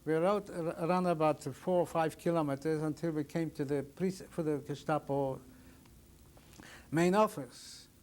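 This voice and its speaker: Older man survivor in oral history testimony, somewhat high voice, halting, plain storytelling. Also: steady tone, a little mellow. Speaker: Holocaust survivor interviewee.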